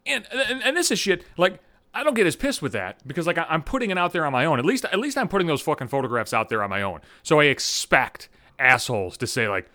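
Man, podcast host, heated profane rant, stammering restarts, lively swinging pitch, dry close sound. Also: fast, no room sound. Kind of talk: solo comedic rant podcast. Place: at home.

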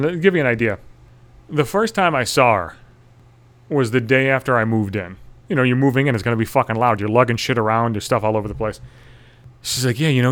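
A man's voice: medium pitch, a bit bright. Exasperated man ranting with constant swearing. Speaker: storyteller. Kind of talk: profane comic rant.

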